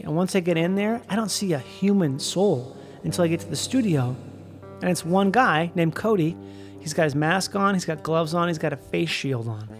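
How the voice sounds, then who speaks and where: Rambling, swearing storyteller with soft music behind. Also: medium pitch. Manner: rambling anecdotes, swears freely, laughs often. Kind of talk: casual comedic storytelling.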